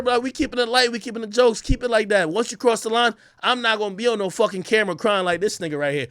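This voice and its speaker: A young man from Jamaica rants hard on a livestream, brash, profane and full of bravado. His voice sits high for a man, and the sound is close and dry with no room behind it. He swings from near shouting down to low, fast muttering. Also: dry recording. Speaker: livestream host. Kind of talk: heated ranting livestream.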